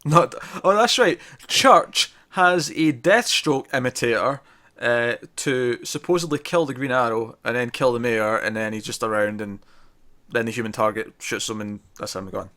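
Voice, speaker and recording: A man's voice: medium pitch, moderate pace, bright, forceful tone. Rambling man chatting about TV. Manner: rambling, self-correcting, laughing often. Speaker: podcast co-host reviewing TV. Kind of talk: casual review chat.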